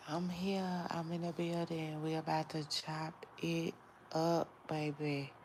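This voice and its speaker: A woman hosting a gossip channel, chatting casually to her viewers in a hushed voice so she won't wake anyone at home. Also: deep voice, little pitch movement, a little hiss or hum. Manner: hushed, keeps voice down to not wake others; chatty, drawn-out slang phrasing.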